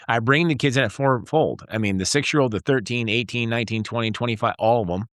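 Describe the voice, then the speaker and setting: A man in his forties, a guest entrepreneur, telling stories in a casual interview and acting out bits of dialogue with lively energy. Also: mid-range voice, brisk, no echo, studio quality. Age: 40s. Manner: energetic storyteller, acts out dialogue.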